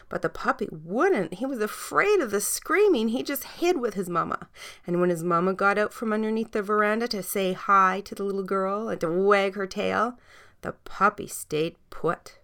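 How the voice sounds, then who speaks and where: A woman reading a children's story aloud, gentle and soft, sometimes dropping almost to a hush. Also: medium pitch, normal speed.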